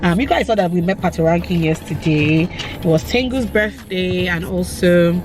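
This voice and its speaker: A woman's voice: on the low side, normal speed, noisy background. A woman in her thirties talking casually to camera as a vlogger, chatty and upbeat, with frequent um fillers. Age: 30s. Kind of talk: casual vlog chat to camera.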